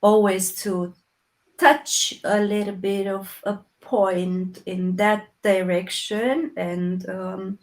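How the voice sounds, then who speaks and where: A woman from Romania, a guest in an interview, speaking English slowly and reflectively with many pauses and restarts. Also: medium pitch, little pitch movement, low-quality recording. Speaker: interview guest, puppeteer and actress. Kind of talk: slow reflective conversation.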